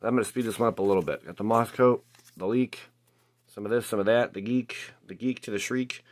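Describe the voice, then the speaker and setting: A man hosting a casual card-opening video, chatty and excitable, exclaiming over each pull with lots of fillers. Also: on the low side, fairly quick. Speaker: card-opening channel host. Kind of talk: casual pack-opening commentary.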